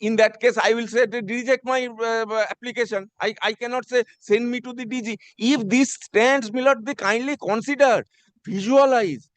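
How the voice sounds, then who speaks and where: A man's voice: very high voice, fairly even intonation, moderate pace, no echo. A man arguing in court as an advocate, insistent and pleading, repeatedly addressing the judge as "my lord". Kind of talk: courtroom argument.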